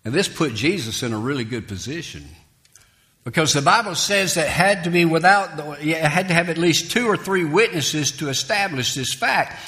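A man's voice: a little high, normal speed. A man preaching a sermon, emphatic and dramatic, voicing the people in the story as he retells it. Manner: lively, emphatic preaching, rising loud for quoted lines.

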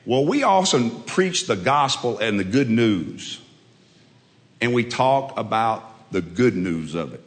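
A man's voice: medium pitch, fairly bright tone. Folksy preaching man in a big hall. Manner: folksy storytelling, emphatic repetition. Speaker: preacher and football coach. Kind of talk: sermon.

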